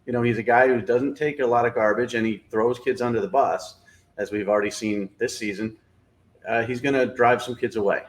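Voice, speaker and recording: A middle-aged man hosting a sports show, giving blunt, opinionated analysis in casual talk with lots of fillers. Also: mid-range voice.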